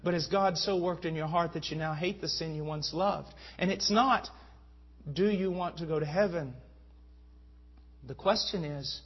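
A man's voice: on the high side, normal speed. A man preaching a sermon with fervent delivery that rises to emphatic peaks. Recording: dull lo-fi sound.

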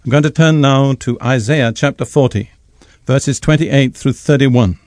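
A man preaching a radio sermon, reading scripture slowly and with measured emphasis. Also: medium pitch, a little mellow, no echo, clean studio sound.

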